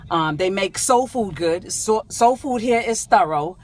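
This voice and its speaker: Sitting in her car as she drives, a middle-aged San Diego vlogger recounts a funny, indignant tale for her casual vlog. Her mid-range voice is animated but keeps a measured pace.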